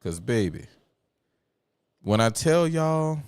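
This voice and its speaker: A man's voice: on the high side, very animated, a little slow, darkish tone, dry recording. A man hosting a political commentary show, slangy and emphatic, repeating lines for effect.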